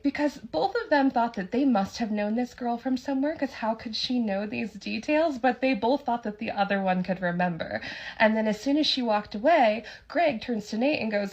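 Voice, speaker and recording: Gravelly-voiced young woman telling a spooky story. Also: on the high side, moderate pace, muffled recording. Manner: animated, dramatic retelling. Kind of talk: casual spooky storytime narration.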